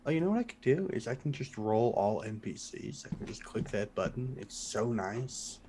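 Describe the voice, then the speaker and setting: A man acting as game master, chatting casually and thinking aloud while fiddling with game software. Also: medium pitch, big pitch swings, normal speed, slight background noise. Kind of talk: running a tabletop game online.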